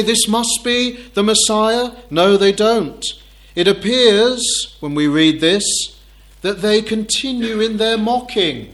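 A man preaching through a passage of scripture at an unhurried, deliberate pace. His voice sits slightly high for a man, and he keeps posing rhetorical questions to his listeners. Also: fairly bright tone. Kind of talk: expository sermon.

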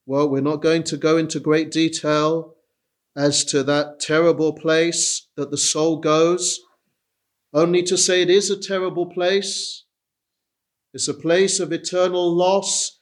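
High-voiced, slow earnest preacher. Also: male voice. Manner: earnest, repetitive pleading delivery. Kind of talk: sermon.

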